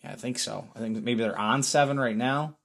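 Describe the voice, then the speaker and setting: A man hosting a casual solo podcast, hoarse from screaming, telling stories with lots of laughter. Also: medium pitch, brisk. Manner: animated storyteller, laughs often. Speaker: podcast host.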